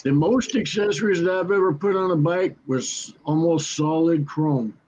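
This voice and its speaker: A man telling animated stories in a casual chat. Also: fairly high pitch, normal speed, poor audio. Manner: animated anecdote teller. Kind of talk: casual storytelling.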